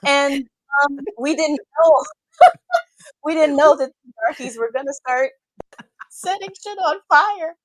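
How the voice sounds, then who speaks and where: Woman doing a panicked French tourist, shrill, flustered, much higher than her own voice. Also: sing-song, a little slow, long pauses, a bit bright, no echo, heavily acted, rough recording.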